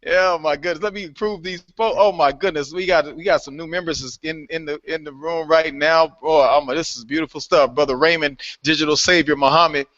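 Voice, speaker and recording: A man hosting a live online call, welcoming new members in a lively, playful way and laughing often. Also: fairly high pitch, fairly quick, hardly any pauses, no room sound. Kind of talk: casual live call-in chat. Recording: dull lo-fi online call audio.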